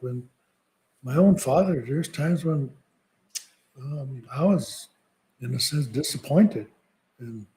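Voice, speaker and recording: Soft-spoken older man, mellow voice. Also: medium pitch, poor audio. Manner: slow, halting, soft-spoken. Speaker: podcast guest speaker. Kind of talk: reflective personal storytelling.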